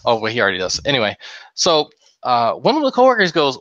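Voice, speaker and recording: A man's voice: medium pitch, very animated, fast, sharp tone, no room sound. A man casually telling a long anecdote on a group talk show, acting out quotes as he goes. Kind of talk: casual storytelling. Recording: slightly dull lo-fi sound.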